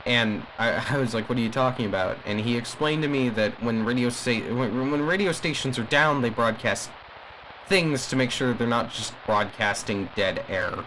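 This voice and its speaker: A man's voice: mid-range voice, normal speed, fairly bright tone, a little hiss or hum, natural voice, rough recording. A man playing a rambling, indignant radio caller. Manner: rambling, emphatic, with frequent restarts. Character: agitated male radio caller defending a cursed family. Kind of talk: audio drama monologue.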